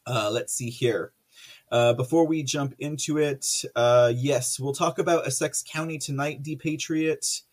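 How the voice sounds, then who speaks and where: A man's voice: mid-range voice, unhurried. A man hosting a political livestream, chatting casually and rambling through viewer comments with lots of fillers and frequent laughter.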